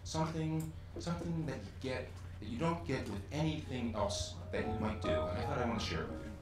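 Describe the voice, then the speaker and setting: A man's voice: medium pitch, animated, fairly quick. A man telling a chatty, self-deprecating anecdote to a live audience from a theater stage. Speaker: stage performer at an event. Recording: roomy hall, distant mic, music behind.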